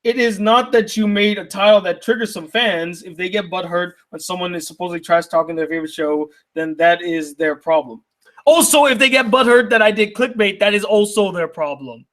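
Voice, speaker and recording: Young male critic, high voice, heated indignant rant with rhetorical questions. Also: a little fast, fairly bright tone. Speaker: YouTube critic reading viewer mail. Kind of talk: heated ranting commentary.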